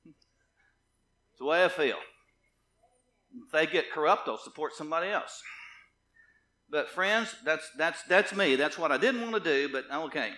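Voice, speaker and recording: In a church sanctuary, a male pastor delivers a fervent sermon, hammering his points home through insistent repetition. His voice is fairly high and animated, a little slow with frequent pauses, and his tone is bright and forceful. The impassioned preaching rises and falls in intensity.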